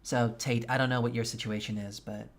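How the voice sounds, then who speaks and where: A man streaming a game, chatting casually with his viewers, candid and quick to swear. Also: medium pitch, level tone. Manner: candid and profane, venting frankly. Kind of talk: casual chat with live viewers.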